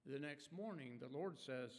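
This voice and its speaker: A man preaching a sermon, retelling a story dramatically with rhetorical questions and shifts from loud to hushed. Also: medium pitch, normal speed, long reverb tail.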